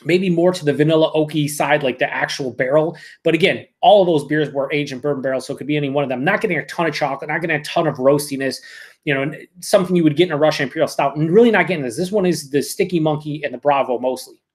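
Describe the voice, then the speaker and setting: Excited, swearing man reviewing beer. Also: fairly high pitch, fast. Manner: excited, profane and rambling; reads viewer comments aloud. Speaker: beer reviewer hosting a live stream. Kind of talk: casual live-stream rant.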